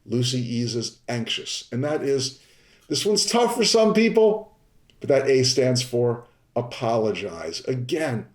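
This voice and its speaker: Man, podcast host, instructional talk, emphatic coaching, drawn-out repeated words, medium pitch, roomy echo. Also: very animated.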